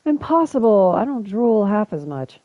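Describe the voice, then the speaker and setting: A woman's voice: medium pitch, sing-song, normal speed, no room sound, dull audio, voice pushed up. A woman voicing a shaken young woman adventurer who answers bluntly.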